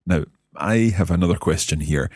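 A man hosting a podcast language lesson, asking questions and slowly repeating new phrases to practise them. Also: low voice, a little mellow, husky, no echo, studio quality. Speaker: language lesson host and learner.

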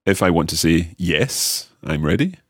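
A man hosting a podcast language lesson, carefully and slowly repeating phrases after his co-host. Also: low voice, animated, husky, no echo, clean studio sound. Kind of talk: friendly scripted lesson banter.

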